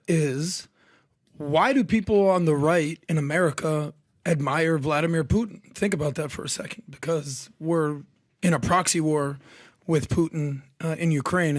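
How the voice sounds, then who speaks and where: A man on a talk panel, posing questions and thinking them through out loud. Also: fairly high pitch, dry recording, clean studio sound. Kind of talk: casual talk show discussion.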